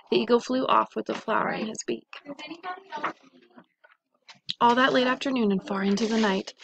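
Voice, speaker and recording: A woman reading a rhyming storybook aloud to a class of children, with a steady, rhythmic delivery. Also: fairly high pitch, creaky, background noise.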